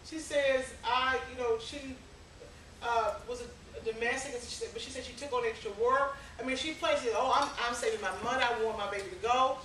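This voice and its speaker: A woman's voice: on the high side, fairly quick, slight background noise. A woman giving a seminar talk, telling anecdotes and acting out the voices in them. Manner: animated, acts out voices in anecdotes. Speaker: speaker. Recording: echoey hall, mic from far off.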